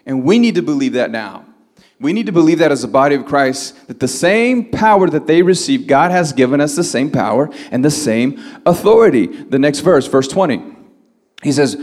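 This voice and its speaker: A man preaching a sermon, his voice sitting a little high for a man. He stretches stressed words and pushes his lines upward for emphasis. The sound rings with a long reverb from a large hall. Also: sing-song, normal speed, a little mellow. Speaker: pastor.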